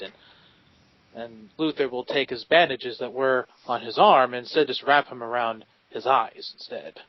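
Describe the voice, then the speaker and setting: A man's voice: medium pitch, moderate pace, dry recording. A man playing his character in a tabletop game, talking earnestly in old-fashioned speech, over a dry lo-fi voice chat. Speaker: player.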